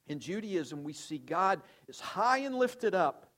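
An older man preaching a sermon in an earnest, conversational way, often dropping to soft, low tones to stress a point. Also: very animated, unhurried. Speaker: pastor.

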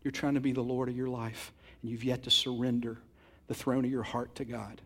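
A man preaching a sermon, moving from quiet, intimate passages to loud, emphatic ones, repeating words for stress. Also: medium pitch, flat delivery, fairly quick. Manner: repeats and restarts words when stressing a point. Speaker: pastor.

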